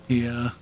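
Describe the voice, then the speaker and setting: A man narrating a tabletop game as game master, halting with many fillers, often clearing his throat and laughing. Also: mid-range voice, a little mellow, a little hiss or hum, poor audio.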